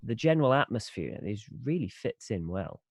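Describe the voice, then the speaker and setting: Tired man, lively up-and-down voice. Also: medium pitch, normal speed, slightly rough, dry recording, studio quality. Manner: self-deprecating, rambling with restarts. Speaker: player. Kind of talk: casual chat before a tabletop game.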